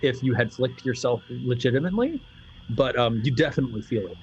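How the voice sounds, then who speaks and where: A man's voice: mid-range voice, lively intonation, brisk, darkish tone, lo-fi sound, a little hiss or hum. A man narrating as game master in a loose, chatty way.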